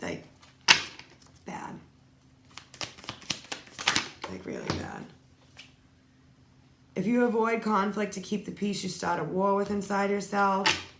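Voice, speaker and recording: A woman's voice: mid-range voice, fairly even intonation, measured pace. A woman giving a solo tarot reading, reading card phrases aloud and adding casual asides. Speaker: tarot reader. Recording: echoey room, faint noise.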